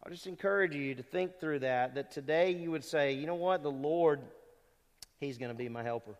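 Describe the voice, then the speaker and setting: A middle-aged pastor delivers a sermon to graduating students, his voice a little high and his pace normal. He sounds earnest and conversational, often posing rhetorical questions. The hall gives the recording a long reverb.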